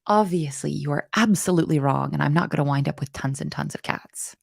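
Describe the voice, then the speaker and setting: A woman's voice: low-pitched, fairly quick, vocal fry, dry recording. A woman teaching a live-streamed coding lesson, chatty and playful, thinking aloud and answering chat comments. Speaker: coding bootcamp instructor.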